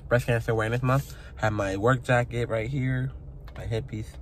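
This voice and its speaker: A young vlogger chats emotionally to his phone camera from his car parked outside work, laughing at himself as he goes. His voice is medium-pitched with fairly even intonation at a moderate pace. The audio carries a little hiss or hum.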